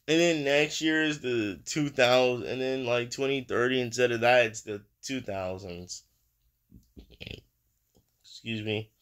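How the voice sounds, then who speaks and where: A man's voice: mid-range voice, a little slow, fairly bright tone, clear, resonant tone. A man hosting a reaction video, musing aloud in a rambling, casual way with lots of fillers.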